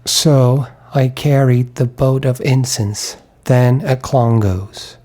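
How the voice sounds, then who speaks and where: A man reading an audiobook who voices a brooding young man, quiet and reflective. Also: mid-range voice, fairly even intonation, slow pace.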